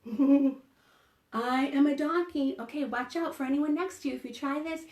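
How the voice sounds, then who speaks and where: Woman, children's librarian, online storytime; high voice, animated and encouraging, in an echoey room. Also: normal speed. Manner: animated and encouraging, with gasps of surprise and prompts to join in. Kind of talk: online storytime reading picture books to children. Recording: roomy echo.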